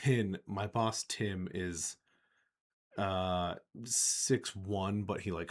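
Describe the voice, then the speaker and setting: A man hosting a podcast, telling a long story casually and laughing often. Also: sits low. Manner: laughing often, rambling with fillers. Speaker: podcast host.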